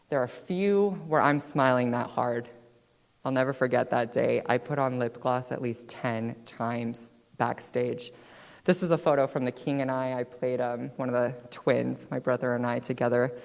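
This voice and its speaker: A woman in her twenties, a guest speaker telling her own story on stage in a chatty, animated way, often checking in with "right?". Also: rumbling low, creaky. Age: 20s. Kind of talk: personal storytelling talk. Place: stage in a hall. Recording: long hall reverb.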